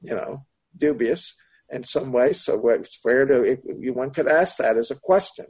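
A man with a husky, slightly breathy voice gives a Buddhist Dharma talk. He speaks slowly and searchingly, circling back over his words as he answers a student's question. His pitch sits at an ordinary middle level for a man. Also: a little mellow. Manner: slow, searching, meandering delivery. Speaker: Buddhist meditation teacher.

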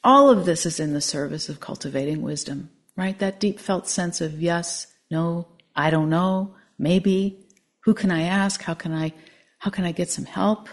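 A woman meditation teacher giving a dharma talk, gentle and reflective with frequent pauses. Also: on the low side.

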